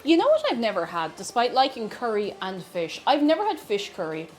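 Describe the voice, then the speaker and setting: A woman's voice: medium pitch, huge pitch swings, brisk, soft background music. A woman cooking on a live stream, chatting playfully with her viewers as she works. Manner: chatty, playful, talks to chat while cooking. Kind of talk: casual cooking stream chat.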